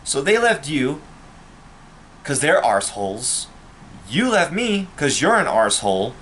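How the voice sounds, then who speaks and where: A male vlogger delivers a personal rant to camera, bitter, angry and profane. His voice is fairly high, unhurried and a bit bright, with big pitch swings, and there's slight background noise.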